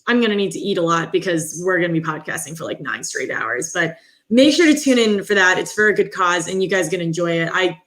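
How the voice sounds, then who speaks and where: A woman co-hosting a podcast, chatting casually with jokey, quick asides. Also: on the low side, animated, a bit bright. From Boston area. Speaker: podcast co-host.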